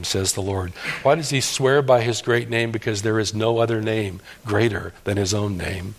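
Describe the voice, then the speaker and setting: A middle-aged man preaching a sermon, earnest and pleading, rising to emphatic cries and dropping to hushed lows. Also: moderate pace, hardly any pauses, a little hiss or hum. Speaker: pastor.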